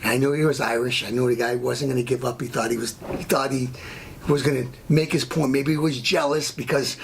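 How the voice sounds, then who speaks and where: A man's voice: mid-range voice, steady tone, a little fast, vocal fry, a little hiss or hum. An American man hosting his own show, delivering a blunt, opinionated comedic rant that keeps wandering off on tangents. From United States. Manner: rambling, goes off on tangents. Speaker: show host. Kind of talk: ranting comedic monologue.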